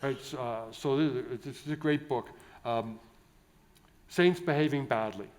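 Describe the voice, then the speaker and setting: A man's voice: medium pitch, measured pace. A man, a Catholic priest from the United States, giving a jovial, digressive conference keynote full of restarts and asides. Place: large indoor conference hall.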